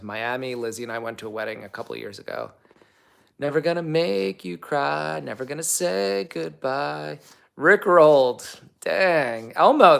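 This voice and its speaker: A young man, an actor hosting a casual livestream, answers viewer comments in a rambling, filler-heavy, chatty way. His voice is medium-pitched and fairly bright.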